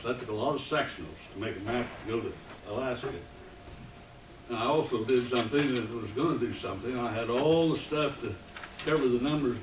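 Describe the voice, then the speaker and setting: A man in his eighties, from the United States, giving a rambling, halting public comment at a meeting. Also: mid-range voice. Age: 80s. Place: meeting room. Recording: echoey room, distant mic, noisy.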